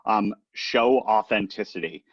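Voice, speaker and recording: A man's voice: lowish voice, unhurried, husky, no room sound, muffled recording. A man giving a casual training talk on recruiting, chatty and often checking in with the listener. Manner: chatty, leans on "right?" and "um" as he talks. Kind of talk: casual presentation.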